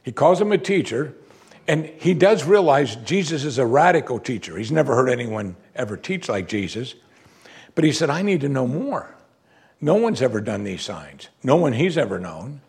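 A man preaching a sermon, animated and rhetorical, repeating lines and exclaiming for emphasis. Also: medium pitch, normal speed, husky.

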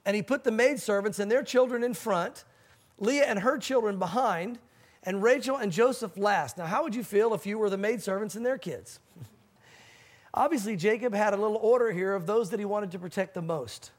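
A man preaching a sermon as pastor, animated and acting out the voices of panicked people. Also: high voice, moderate pace.

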